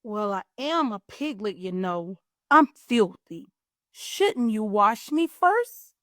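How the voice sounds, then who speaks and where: A woman voicing a small, frightened male piglet who pleads slyly, in a high squealing voice. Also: big pitch swings, takes it slowly, a bit bright, no room sound, clean studio sound. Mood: wheedling.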